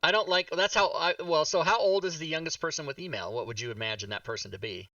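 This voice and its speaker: A man's voice: on the high side, quick pace, sharp tone, no room sound. A man hosting a live stream, chatting bluntly and joking, with casual swearing. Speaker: streamer host. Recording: dull, distant, dry mic.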